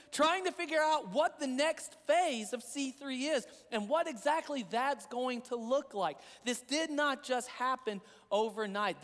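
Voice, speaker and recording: High-voiced man preaching in an echoing hall. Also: fairly bright tone. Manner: earnest, repetitive conversational preaching. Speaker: pastor. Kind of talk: sermon. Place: church sanctuary.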